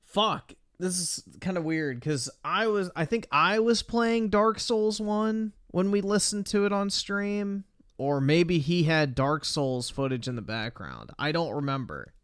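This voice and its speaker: A man's voice: high-pitched, lively intonation, unhurried, fairly bright tone, clear, resonant tone, no room sound, studio quality. A man streaming, giving blunt, rambling and profane reaction commentary.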